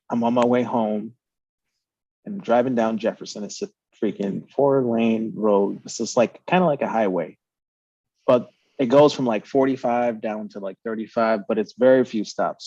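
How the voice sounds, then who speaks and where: Brief: man, casual storyteller, lively, swears, dry lo-fi recording. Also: lowish voice, no room sound. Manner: animated storyteller, swears, acts out quotes. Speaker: podcast host.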